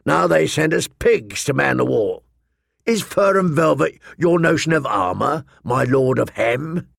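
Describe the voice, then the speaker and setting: A man voicing a cruel, mocking master-at-arms with a sharp, cold voice in an audiobook. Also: a little high, expressive, unhurried, gravelly, dry recording, clean studio sound, heavily acted.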